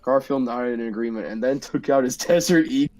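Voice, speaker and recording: A man hosting a podcast, reading comedic fan fiction in a deadpan way with bursts of laughter. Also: mid-range voice, fairly quick, rough recording. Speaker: podcast host.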